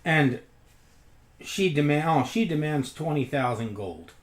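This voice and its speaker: Mid-pitched player, quick jokes and chuckles, roomy echo. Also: lively intonation. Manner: jokey, chuckling asides. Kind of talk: casual tabletop play.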